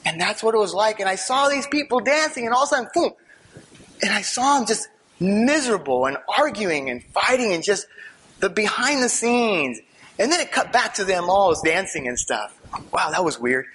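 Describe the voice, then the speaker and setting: With a husky, high voice at normal speed, a man recounts a personal testimony for listeners. He laughs often and moves between quiet asides and bursts of excitement, animating the story throughout.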